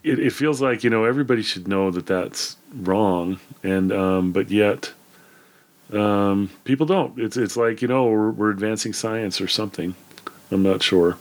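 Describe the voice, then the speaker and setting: A man's voice: fairly low pitch, moderate pace. A man co-hosting a casual book discussion, agreeable and hesitant, often restarting his sentences.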